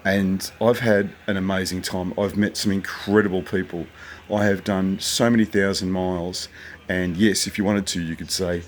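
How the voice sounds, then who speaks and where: An older man with a very deep voice talks in a loose, anecdotal ramble, now and then dropping a swear word. He records alone in a motel room at night, with a faint hiss underneath. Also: little pitch movement, normal speed, rough recording. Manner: chatty, anecdotal, occasionally profane. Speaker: vlogger. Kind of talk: casual rambling monologue.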